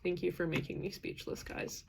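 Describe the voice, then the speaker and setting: Thirties woman hosting a live stream, lowish voice with vocal fry, chatty and quick to laugh. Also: steady tone, background noise. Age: 30s. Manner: chatty and warm-hearted, laughs often, talks in rambling restarts. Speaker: host of a live self-acceptance session. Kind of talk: casual live-stream talk, reading chat comments.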